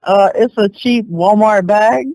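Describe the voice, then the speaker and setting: A woman's voice: mid-range voice, slow, a little mellow, no echo, poor audio. A young woman co-hosting a podcast, answering with feisty, stubborn comebacks. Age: young adult. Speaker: podcast co-host. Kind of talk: casual chat.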